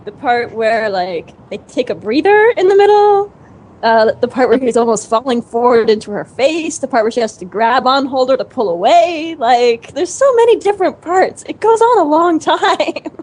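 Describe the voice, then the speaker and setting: Lively high-voiced woman. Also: moderate pace. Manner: listing things animatedly. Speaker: podcast co-host. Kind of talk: casual fan discussion.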